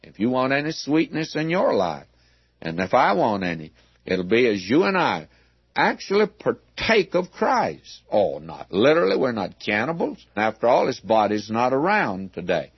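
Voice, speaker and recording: A man teaching verse by verse through a Bible passage, measured and emphatic, with frequent asides to his listeners. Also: mid-range voice, sing-song, husky, no room sound, muffled recording.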